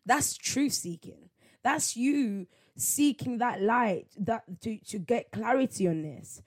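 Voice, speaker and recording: A woman's voice: on the high side, slow pace. A woman hosting a solo faith podcast, talking in a reflective, conversational way with many rhetorical questions. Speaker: podcast host.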